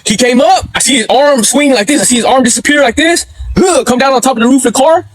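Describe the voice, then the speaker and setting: A man telling a rowdy story on his livestream in casual slang, swearing freely and acting out the shouts and voices of the people in it. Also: extremely high pitch, quick pace. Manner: animated, acts out quotes with yelps and laughs. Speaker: livestream host.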